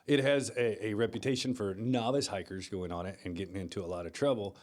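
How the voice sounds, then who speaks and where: Podcast guy telling a story, relaxed, gets quiet and low when it turns serious. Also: quick pace. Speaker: podcast co-host. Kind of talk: casual chat, storytelling.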